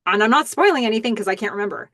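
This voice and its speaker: A woman hosting a podcast recaps a show in a lively, chatty way, full of ums and sudden jumps in pitch. Her voice sits at a middle pitch. The sound is dry and close. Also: very fast, dry recording. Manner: animated, chatty, many ums. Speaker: podcast host. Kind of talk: casual episode recap.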